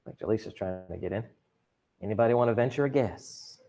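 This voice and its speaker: A fairly low, gravelly, warm male voice talks fast while teaching a drama and chorus class by video call. He's talkative and cheerful, joking with the students as he goes, heard through a computer microphone.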